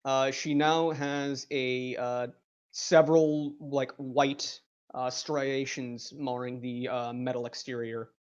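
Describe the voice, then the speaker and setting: A man of middle pitch chatting as a player in a tabletop game stream. He describes things in a deliberate, halting way, heard through a dull, muffled lo-fi mic. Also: level tone, clear, resonant tone. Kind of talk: casual game chat.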